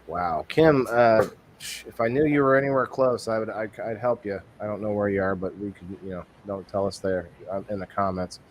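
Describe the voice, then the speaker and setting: A man's voice: fairly low pitch, steady tone, normal speed, slight background noise. A man hosting a casual live-stream podcast, rambling with many restarts and reading viewer comments aloud. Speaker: podcast host.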